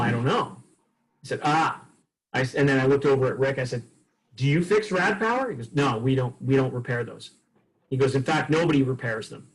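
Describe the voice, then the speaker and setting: A man's voice: mid-range voice, rough recording. A man leading a sales training session, telling customer stories casually and acting out the dialogue. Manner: casual, lively storytelling with acted-out dialogue.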